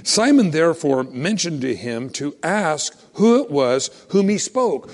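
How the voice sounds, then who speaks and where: A man preaching a sermon in a casual, animated way, acting out little scenes and quotes as he goes. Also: fairly high pitch, unhurried, vocal fry. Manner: animated, conversational, acts out quotes. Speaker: pastor. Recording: long hall reverb.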